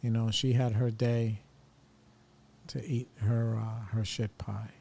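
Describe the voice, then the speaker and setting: A man's voice: mid-range voice, little pitch movement, slow pace, vocal fry, mellow. A middle-aged man hosting a podcast, ranting bluntly and casually in slangy opinionated talk. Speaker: podcast host.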